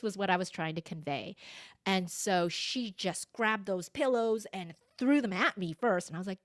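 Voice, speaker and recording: Woman, 40s, conversational storyteller, animated delivery, dry close-miked read. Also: medium pitch, moderate pace, no echo. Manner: animated, acts out quoted lines. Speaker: podcast guest, voice coach.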